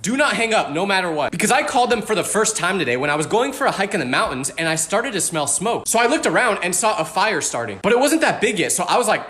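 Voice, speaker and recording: A young man from California rattles off funny stories at a fast clip. His voice sits high and swings widely as he plays up every moment. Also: echoey room. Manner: animated, exaggerated and quick-talking. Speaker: comedy creator. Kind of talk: comedic storytelling monologue.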